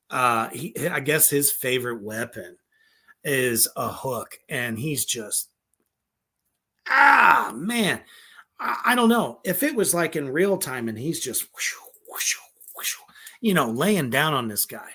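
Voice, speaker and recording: Slow-talking, profane horror review host. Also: male voice, mid-range voice. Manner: profane, excitable, rambling with many fillers; laughs often. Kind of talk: casual film review.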